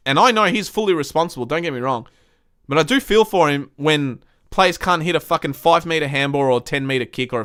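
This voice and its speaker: Reading comments from viewers on his live stream, a young Australian vents with blunt, frustrated, heavily profane rants. His voice sits a little high, slightly bright and clean in tone, recorded in a clean studio with no room sound.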